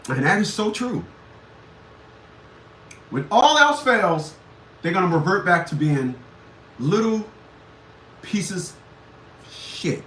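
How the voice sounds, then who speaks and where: A man hosting a livestream, ranting crudely with loud laughs and shouted outbursts. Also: high voice, animated, a little slow, pauses often, slight background noise. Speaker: livestream show host. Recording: echoey room, far from the mic.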